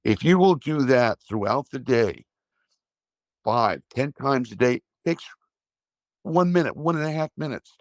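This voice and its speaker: A man, an energy healer, calmly guiding a breathing exercise and explaining it in a slow, steady way. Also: medium pitch, no room sound. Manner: slow, calm guiding with drawn-out pauses. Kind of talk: guided breathing instruction and talk.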